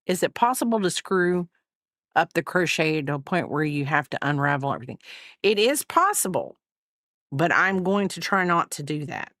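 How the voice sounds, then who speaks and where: This livestream host crafts at home and chats in a rambling, self-deprecating way, apologizing often. Her fairly low voice swings widely in pitch at a normal speed and sounds a bit bright. The audio is clean studio sound with no room noise.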